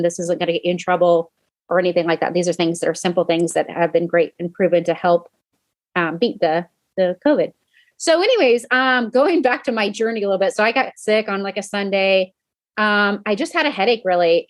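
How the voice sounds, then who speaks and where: A woman of middle pitch hosts a podcast and tells her own story in a loose, conversational way. She talks straight to her audience and keeps correcting herself as she goes. The recording is dry and close, with no room sound. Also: no room sound. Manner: chatty, talks straight to listeners as "you guys"; many "um" fillers and self-corrections. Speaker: podcast host and coach. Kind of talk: casual personal storytelling podcast.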